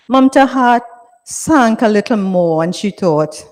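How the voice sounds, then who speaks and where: A woman gently telling a moral story at a religious gathering, with small restarts, in a reverberant hall. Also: a little high, animated, unhurried. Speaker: storyteller at a women's group satsang.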